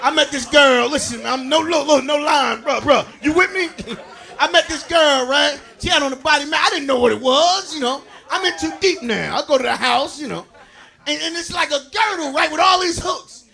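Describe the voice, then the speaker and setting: A man doing a stand-up comedy set for a live audience, shouting his punchlines, laughing at his own jokes and calling out to the crowd. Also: extremely high pitch, moderate pace, gravelly. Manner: talks straight to the crowd, calls out to them.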